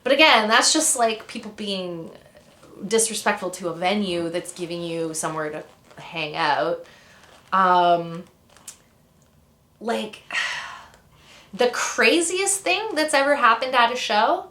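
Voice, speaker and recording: A woman's voice: mid-range voice, lively intonation, takes it slowly, sharp tone, reverberant. A woman in her thirties from Canada, chatting as an interview guest, rambling through stories with many fillers and tangents. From Ontario, Canada. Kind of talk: casual interview storytelling.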